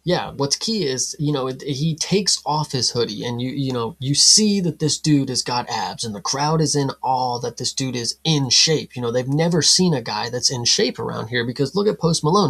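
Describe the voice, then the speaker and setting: A man's voice: medium pitch, creaky, fairly bright tone, husky. A man co-hosting a casual film review chat, laid-back and rambling with lots of "you know"s. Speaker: podcast co-host.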